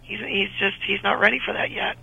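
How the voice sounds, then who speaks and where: A woman in her thirties talks as a radio guest, animated and quick to restart her sentences. Her voice is husky and very bright, with a little gravel and a high pitch. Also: rough recording. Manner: chatty, animated, frequent restarts. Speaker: actress guest. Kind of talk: casual radio interview chat.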